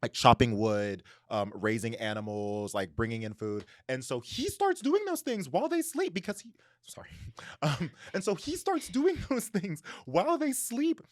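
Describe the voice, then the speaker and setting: A man hosting a book podcast, retelling a story in animated, casual chat with constant "like" fillers. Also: fairly high pitch, normal speed, no room sound, studio quality. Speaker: podcast host.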